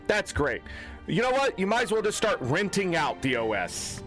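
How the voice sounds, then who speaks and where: A man's voice: big pitch swings, moderate pace, a bit bright, faint music behind. Angry profane gaming streamer man. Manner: profane, exasperated ranting with swings in pitch. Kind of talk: angry off-the-cuff stream rant.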